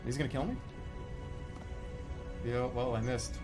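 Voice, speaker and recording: A man streaming gameplay, commenting casually and swearing a lot, with sudden loud excited outbursts. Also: mid-range voice, measured pace, long pauses, music in the background.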